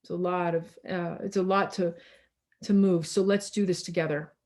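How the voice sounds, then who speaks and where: A woman pastor giving a slow, reflective sermon over a video call, repeating words and pausing for emphasis, a little tired. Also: fairly low pitch, fairly even intonation, darkish tone.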